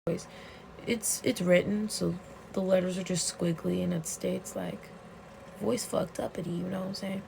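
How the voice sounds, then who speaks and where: A woman vlogger in a casual, excitable rant, retelling a webcomic plot with plenty of swearing and outbursts. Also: fairly low pitch, moderate pace, gravelly, a little hiss or hum. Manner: excitable and profane, storytelling with gasps and outbursts.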